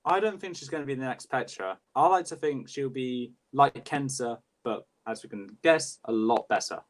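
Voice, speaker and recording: A young man chatting casually as a co-host ranking books, halting and full of fillers. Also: mid-range voice. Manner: quick, halting, many fillers. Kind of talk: casual livestream chat.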